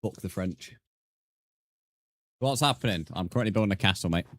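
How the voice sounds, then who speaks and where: Low-voiced man streaming a game. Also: normal speed, dry recording. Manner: banters with chat, swears, counts blocks aloud. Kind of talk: casual live-stream chat. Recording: background music under voice.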